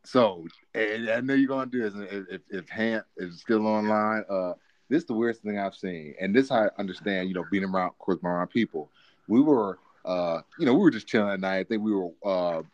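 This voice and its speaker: Low-voiced rambling man, lo-fi sound. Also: dry recording. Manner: rambling, repeats words, voice jumps up in excitement. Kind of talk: casual chat.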